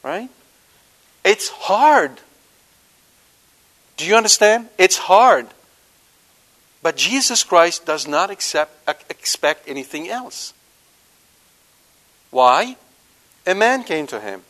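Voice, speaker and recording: Animated preacher man with a high voice. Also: slow pace, long pauses. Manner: animated, questioning the audience, swings between loud and soft. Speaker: Catholic preacher. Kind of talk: sermon to a live audience.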